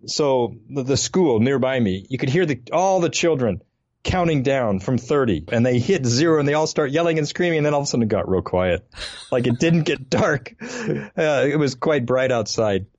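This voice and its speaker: A man co-hosting a podcast who tells a story in an animated way. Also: mid-range voice, dry recording, dull audio. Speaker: podcast co-host. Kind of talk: casual podcast chat.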